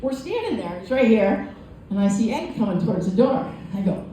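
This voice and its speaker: A woman doing a stand-up comedy set, telling stories with animated voiced asides. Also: medium pitch, brisk, a little hiss or hum. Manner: animated storytelling with voiced asides and crowd laughter. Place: comedy club stage. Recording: echoey live venue from far off, audience laughter. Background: audience laughing.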